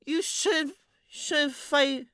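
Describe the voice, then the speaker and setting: A man puts on a shy, tipsy schoolgirl for an audiobook. The voice sits very high and slurs its words. The sound is bright and dry. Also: no room sound, full character voice. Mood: tipsy, pleading. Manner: slurred, halting, breathy high voice. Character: timid teenage girl, tipsy and slurring.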